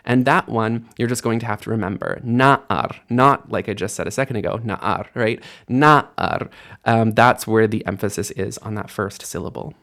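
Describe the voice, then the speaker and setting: A man's voice: on the low side, fairly even intonation, a little fast, few pauses, fairly bright tone. A man teaching an online language lesson in a casual, friendly way, explaining grammar and repeating words aloud for practice. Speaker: Hebrew teacher.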